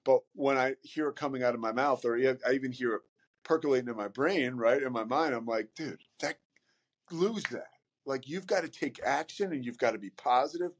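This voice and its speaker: A man talking casually as a podcast guest, animated and rambling, often repeating words as he starts a thought. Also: mid-range voice. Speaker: podcast guest, sports broadcaster. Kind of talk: casual conversation.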